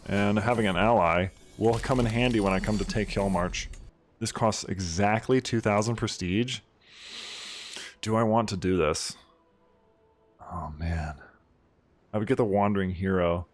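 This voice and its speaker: A man hosting a strategy game playthrough, chatting casually and bursting into loud mock outrage and cheering. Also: fairly low pitch, unhurried, long pauses. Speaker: gaming video host. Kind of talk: casual let's-play commentary.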